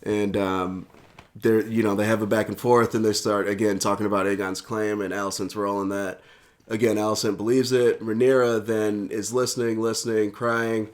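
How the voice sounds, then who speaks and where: A man with a low voice co-hosting a podcast. He talks through a TV episode in an easygoing, agreeable way, with plenty of fillers and restarts. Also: level tone, moderate pace. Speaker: podcast co-host. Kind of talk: casual chat recapping a TV episode.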